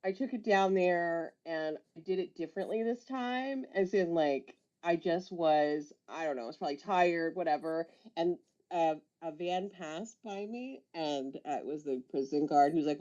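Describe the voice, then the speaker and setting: Woman, rambling profane storyteller, low-ish dark voice, dull lo-fi audio. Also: moderate pace, few pauses. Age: adult with a son. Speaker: storyteller on a live talk stream. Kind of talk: casual chat.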